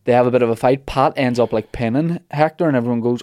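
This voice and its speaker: Mellow man telling a myth. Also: mid-range voice, fast talker, no room sound, studio quality. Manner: rambling, jokey, full of asides and restarts. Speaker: podcast host telling a myth. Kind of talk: casual comic storytelling.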